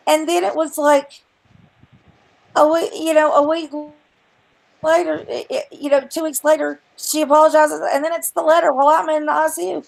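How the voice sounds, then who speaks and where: A woman's voice: high-pitched, moderate pace, gravelly, rough recording. A woman hosting a live stream, telling rambling, blunt, profane stories in casual chat. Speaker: stream host.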